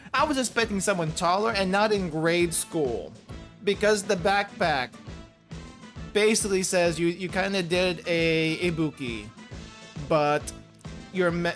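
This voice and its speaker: A young man streaming a game keeps up rambling, self-correcting commentary full of laughter while game music plays. His voice is on the high side with a fairly bright tone.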